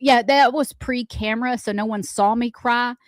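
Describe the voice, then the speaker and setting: A woman co-hosting a morning radio show. She tells animated stories about her day in a fairly high voice, poking fun at herself as she goes. The sound is close and dry in the studio. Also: normal speed, dry recording. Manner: chatty, animated anecdotes, self-deprecating. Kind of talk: casual storytelling chat.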